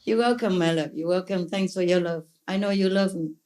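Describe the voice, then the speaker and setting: A woman's voice: on the low side, brisk, darkish tone. Laughing, gushing woman spiritual teacher. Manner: playful, laughs often, gushing; speaks imperfect English. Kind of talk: answering questions at a gathering.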